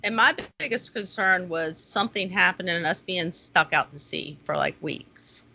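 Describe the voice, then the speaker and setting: Woman, bright tone, earnest candid storytelling, casual podcast chat. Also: fairly low pitch, normal speed, gravelly.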